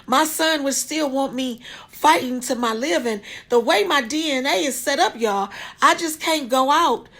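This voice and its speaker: A woman's voice: high-pitched, a little slow, fairly bright tone. A woman in a hospital room giving an earnest faith testimony to her viewers, preaching straight to them. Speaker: vlogger sharing a health update.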